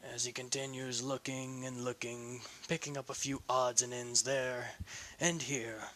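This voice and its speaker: A man narrating an improvised fan story in a slow, ad-libbed way, with hums and restarts. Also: mid-range voice, level tone, pushed and bright, a little hiss or hum.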